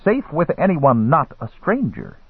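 A man's voice: a little high, big pitch swings, measured pace, breathy edge, dry recording, voice pushed up, exaggerated voice. A man voicing a huge, insolent male eunuch guard who talks in a teasing sing-song, on a dry, phone-like recording. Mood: sly. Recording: dry, phone-like narrow sound.

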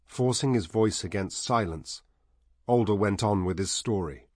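Deep-voiced male audiobook narrator. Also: measured pace, no room sound, studio quality. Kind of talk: scripted narration.

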